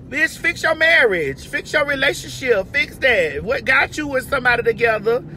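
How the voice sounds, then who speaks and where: A woman's voice: high voice, lively intonation, normal speed, bright, forceful tone, slight background noise. A woman giving brash, profane, emphatic advice in a casual monologue from her car. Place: inside a parked or moving car.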